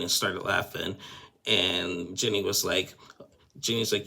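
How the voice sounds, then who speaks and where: Chatty gravelly man recapping reality TV. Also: low voice, fairly even intonation, unhurried, pushed and bright. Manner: chatty, opinionated, full of fillers. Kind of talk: casual episode recap.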